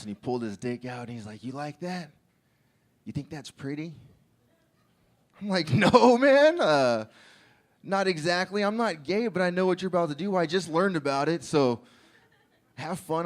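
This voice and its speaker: A man's voice: a little high, a little fast. A man doing a crude stand-up set, telling stories and laughing at his own jokes. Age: adult with a child. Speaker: stand-up comedian.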